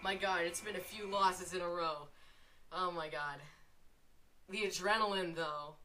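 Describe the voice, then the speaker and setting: A woman giving live gameplay commentary from home, excitable and swearing, drifting into self-mocking asides between plays. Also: on the low side, normal speed, pauses often. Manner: excitable, swearing, shrieks at game moments. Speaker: gaming video creator. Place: room at home.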